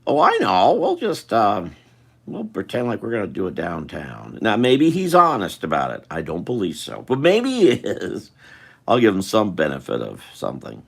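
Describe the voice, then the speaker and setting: Man, deep gravelly voice, lively swings in pitch, rambling chat while drawing live. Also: normal speed. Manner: chatty, thinking aloud, talks to chat viewers. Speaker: artist drawing live for viewers.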